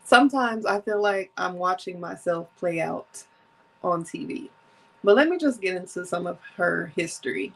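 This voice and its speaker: A woman's voice: on the low side, animated, moderate pace, creaky, fairly bright tone, rough recording. A woman in her thirties hosting a solo podcast, chatting casually and reading from her notes, with a runny nose from allergies. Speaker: podcast host.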